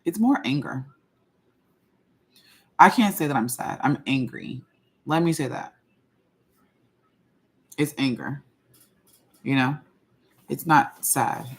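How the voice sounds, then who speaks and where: A woman hosting her own channel, talking in a casual livestream and venting slowly and deliberately, circling back to repeat her points. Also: extremely low pitch, animated, slightly rough. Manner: slow, measured venting, repeats herself. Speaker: channel host.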